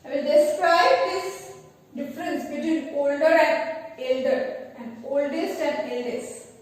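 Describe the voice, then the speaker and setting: A woman explaining grammar slowly and carefully as a teacher. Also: high-pitched. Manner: slow, careful explanation with spelled-out letters. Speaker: English teacher. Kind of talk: grammar lesson. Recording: echoey room, far from the mic.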